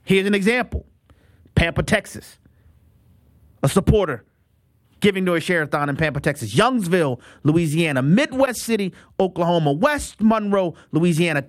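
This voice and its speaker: A man's voice: high-pitched, sing-song, normal speed, no echo, clean studio sound. A man preaching a sermon on the radio and making a fundraising appeal, emphatic and given to repeating words as he restarts.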